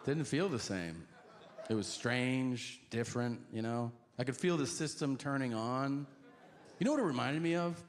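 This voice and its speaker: A man doing stand-up comedy on stage, telling a story deadpan and acting out the other people's voices. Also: mid-range voice, moderate pace. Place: large theater stage with audience. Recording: echoey hall with audience noise. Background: audience laughter.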